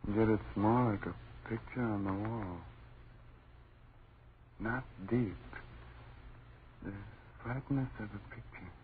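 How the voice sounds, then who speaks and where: A wary, awed man in a 1940s radio horror play speaks slowly in a low, hushed voice. The sound is thin and tinny, with heavy hiss from an old broadcast.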